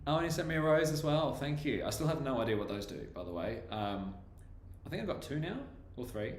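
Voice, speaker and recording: A man's voice: medium pitch, lively intonation, brisk. A young man chatting casually on a live stream, laughing often as he reads out viewer comments. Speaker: livestreaming bass trombonist. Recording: echoey room with faint background noise.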